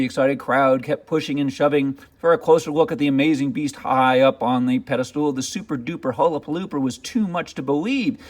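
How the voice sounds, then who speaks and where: A man reading a children's picture book aloud as narrator, with expressive, dramatic storytelling. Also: medium pitch.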